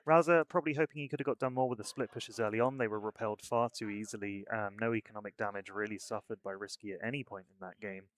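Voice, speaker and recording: A young man commentating a live esports match, upbeat and brisk, moving smoothly into sponsor shout-outs. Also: fairly low pitch, steady tone. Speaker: esports caster.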